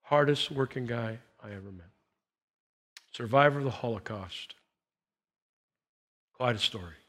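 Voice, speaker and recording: A man in his sixties preaching as a pastor, swinging from loud emphasis to hushed quiet. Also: medium pitch, measured pace. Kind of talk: sermon.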